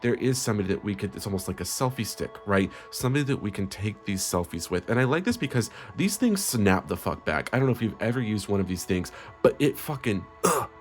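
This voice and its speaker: A man's voice: lowish voice, animated, quick pace, hardly any pauses, soft background music. A man hosting a comedic parody tarot reading, sugary and melodramatic with frequent swearing. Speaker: tarot reader host.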